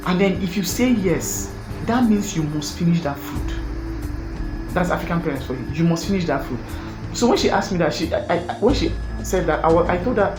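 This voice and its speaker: A man's voice: a little high, fairly quick. Young guy ranting a funny breakup story, echoey room, music going. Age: young adult. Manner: animated, exasperated, rambling. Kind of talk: comic storytelling to camera.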